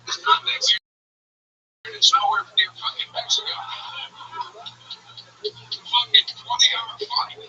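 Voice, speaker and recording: A man's voice: extremely high pitch, wildly swooping pitch, unhurried, long pauses, sharp tone. A man from Australia, doing a rambling, crude stand-up set full of fillers. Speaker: stand-up comedian. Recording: dull, muffled sound with faint noise.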